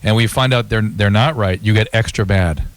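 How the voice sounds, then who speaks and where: A man co-hosting a late-night call-in radio show as its physician, explaining in a measured way and laughing easily. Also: on the low side, no echo. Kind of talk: casual radio banter.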